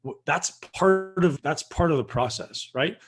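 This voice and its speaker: A man guest on a video call, calmly guiding listeners through a breathing practice and addressing them directly. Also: a little high, unhurried, faint music behind. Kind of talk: coaching instruction.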